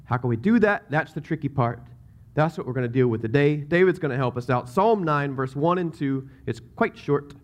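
A man's voice: fairly high pitch, expressive, a little fast, highs cut off. A man, a pastor, preaching a sermon in a conversational way, with joking asides and emphatic scripture readings.

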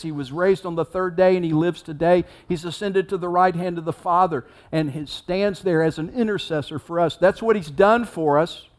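Man preaching a lively sermon. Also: a little high. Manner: conversational preaching, dramatic retelling with rising intensity. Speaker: pastor.

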